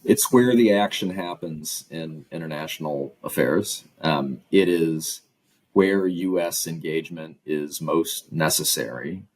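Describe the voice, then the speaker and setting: A man, a professor being interviewed, answering in a measured, analytical way with concise phrasing. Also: a bass voice, no echo, low-quality recording. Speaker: guest author and professor.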